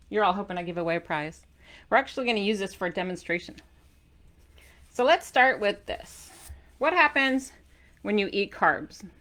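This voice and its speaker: A middle-aged woman gives an energetic talk to camera as a diet author. Her voice is bright and forward, and her manner is playful and animated, with loud emphatic bursts when she drives a point home. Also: mid-range voice. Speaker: author and keto diet coach.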